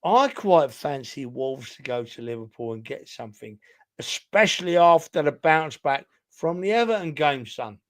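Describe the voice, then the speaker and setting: A man's voice: fairly high pitch, animated, moderate pace, fairly bright tone. A man co-hosting a casual football chat, rambling and emphatic, a little tipsy from drinking. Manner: rambling, emphatic, keeps calling the other host son. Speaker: podcast co-host.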